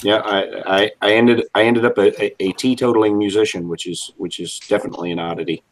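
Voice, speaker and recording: Low-voiced man with halting dry humor. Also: steady tone, a little hiss or hum, rough recording. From Kansas City. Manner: hesitant, repeats words, dry humor. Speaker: guest musician. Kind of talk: casual video call chat.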